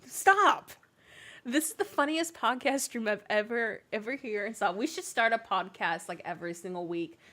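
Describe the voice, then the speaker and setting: A woman's voice: mid-range voice, a little fast, hardly any pauses. A young woman streaming a game, chatting casually and telling stories with lots of laughter. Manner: giggly, animated storytelling. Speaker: streamer and co-host. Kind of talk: casual chat while gaming.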